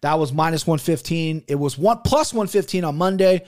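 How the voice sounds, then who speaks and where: A young man hosting a sports betting podcast, talking in an animated, profane, rambling way. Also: a little high, moderate pace. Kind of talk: casual chat.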